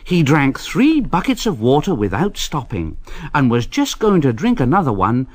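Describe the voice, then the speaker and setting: A man reading a children's storybook aloud in a slow, expressive way. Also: mid-range voice, no echo. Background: background music.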